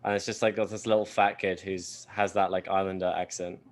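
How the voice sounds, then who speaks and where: A man's voice: low-pitched, flat delivery, a little fast. A man co-hosting a podcast talks in loose, rambling casual chat. He piles on filler words and swears freely. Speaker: podcast co-host.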